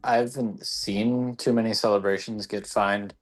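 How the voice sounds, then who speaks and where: A man's voice: fairly low pitch, steady tone, normal speed, faint music behind. A man co-hosting a football podcast, speaking casually and frankly with hesitant restarts. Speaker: co-host.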